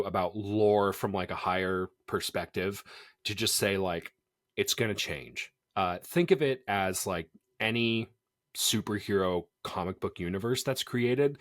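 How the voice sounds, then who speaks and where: Low-voiced man, chatty podcast host, dry close mic. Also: no room sound. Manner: animated, chatty, laughs often. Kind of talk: casual podcast chat.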